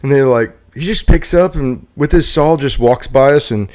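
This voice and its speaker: A man hosting a veterans podcast, relaxed, laughing along and retelling stories from his platoon. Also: mid-range voice, normal speed. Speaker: podcast host. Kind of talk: casual podcast chat.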